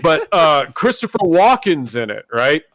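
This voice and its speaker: A man's voice: on the high side, big pitch swings, measured pace, fairly bright tone, no room sound. A man co-hosting a movie stream, chatting casually, blunt and profane as he tells stories. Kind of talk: casual livestream chat.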